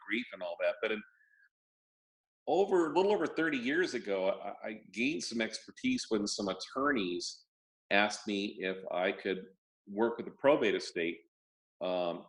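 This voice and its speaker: An older man, a guest in a casual interview, telling stories with dry jokes and halting restarts. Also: fairly low pitch, fairly bright tone. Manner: wry, joking storyteller, halting restarts. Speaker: guest, property lender.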